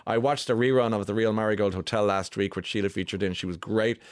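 Fast-talking radio host. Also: male voice, on the low side, fairly even intonation, clean tone, dry recording, studio quality. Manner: quick, playful, reads listener messages. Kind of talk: radio chat show interview. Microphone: studio microphone.

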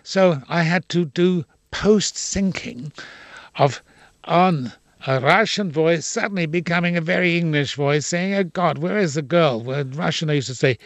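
An older man, an actor, telling indignant, expressive anecdotes in an interview. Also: a little high, measured pace, no echo. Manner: expressive, indignant storyteller with quoted voices.

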